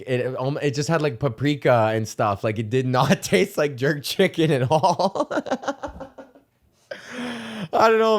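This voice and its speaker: A young man hosting a comedy podcast, ranting in a casual, rambling way, swearing and laughing often. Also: medium pitch. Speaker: podcast host.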